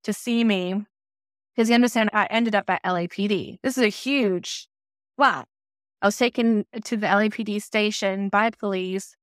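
A podcast co-host speaks at medium pitch and a moderate pace, her smooth voice fairly even in intonation and recorded close and dry with no room sound. She tells a personal story candidly and conversationally, slipping into the voices of people from her memories to act out remembered dialogue.

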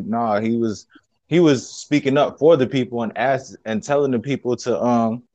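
A man's voice: mid-range voice, moderate pace, dark tone, no room sound. A man speaking as a guest in a casual podcast chat, emphatic and rambling. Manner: emphatic, rambling, lots of fillers.

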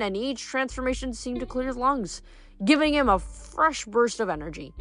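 A woman reading a novel aloud, telling the story in a steady way with dramatic emphasis. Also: on the high side. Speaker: reader.

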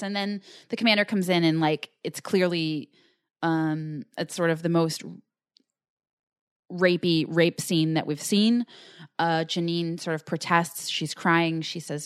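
Podcast co-host, female, low-ish register, casual recap delivery with quoted lines, dry booth sound. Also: steady tone, unhurried, clear, resonant tone, no room sound. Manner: recounts scenes with acted-out quotes, many fillers.

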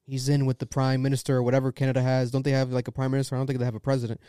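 A man's voice: medium pitch, monotone, very fast, warm tone, smooth, dry recording, studio quality. A man hosting a casual podcast, giving loose, profane opinions on music news. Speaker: podcast host.

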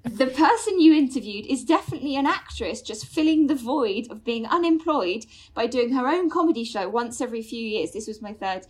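A woman comedian, a guest on a podcast, chatting casually and telling an animated story with lots of fillers and the odd swear word. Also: on the high side, fairly quick, few pauses, husky.

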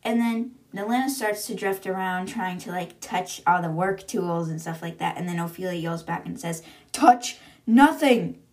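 A woman's voice: lowish voice, level tone, normal speed, few pauses. A young woman hosting a podcast, casually recapping a book chapter by chapter and reacting as she goes. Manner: chatty, lots of fillers, reacts to the story. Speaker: podcast host.

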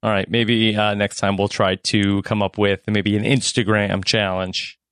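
A man in his forties hosting a podcast in casual chat, easygoing and quick to laugh. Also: fairly low pitch, flat delivery, a bit bright, clean tone, no room sound, clean studio sound. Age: 40s. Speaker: podcast host.

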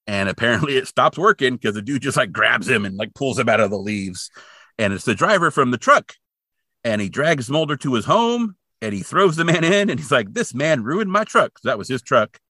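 Animated sarcastic man recapping an episode. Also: medium pitch, a little fast, slightly rough, dry recording, clean studio sound. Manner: animated, sarcastic, acts out quotes. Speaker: podcast co-host. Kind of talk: casual recap chat.

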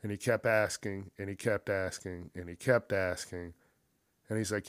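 A man's voice: low voice, fairly even intonation, moderate pace, smooth, dry recording, clean studio sound. A man hosting a casual commentary show, retelling news stories in a heated, profane rant and acting out the people in them. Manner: heated, swears constantly, acts out quoted people.

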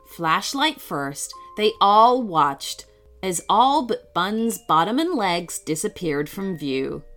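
A woman reading a children's story aloud in a slow, expressive way. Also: mid-range voice, soft background music.

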